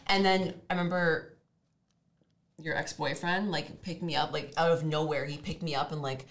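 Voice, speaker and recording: Low-voiced young woman chatting hesitantly. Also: fairly even intonation. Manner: hesitant, halting phrasing with many "like"s. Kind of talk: casual chat.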